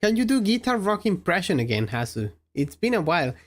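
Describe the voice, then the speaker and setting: A woman's voice: on the low side, big pitch swings, fairly quick. A woman streamer chatting casually with viewers, laughing often and speaking with non-native phrasing. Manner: giggly, laughs often while answering chat. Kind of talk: casual live-stream chat.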